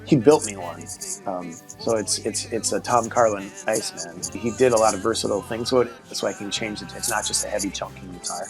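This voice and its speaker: A man's voice: lowish voice, brisk, over music, poor audio. A man hosting a casual interview, enthusiastic and a little rambling. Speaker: host. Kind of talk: casual video-call interview.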